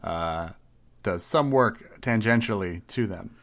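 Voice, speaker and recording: A man's voice: on the low side, lively intonation, takes it slowly, a bit bright. A young man co-hosting a casual podcast, joking back with wry, playful remarks. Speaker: podcast co-host.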